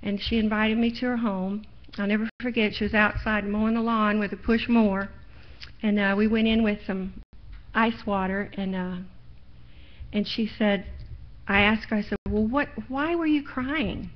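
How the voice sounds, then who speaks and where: This church sermon comes from a middle-aged woman with a mid-range voice, little pitch movement, and normal speed. She's personal and folksy, recounting her testimony and raising her volume for emphasis, all in lo-fi live stream sound.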